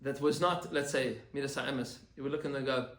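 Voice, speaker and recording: A man, a rabbi, giving an animated Torah class and acting out quoted complaints. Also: medium pitch, brisk, echoey room.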